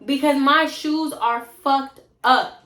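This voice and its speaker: A young woman telling a casual storytime vlog in an animated, blunt and profane way. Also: high voice, slow. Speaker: storytime vlogger. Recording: roomy echo.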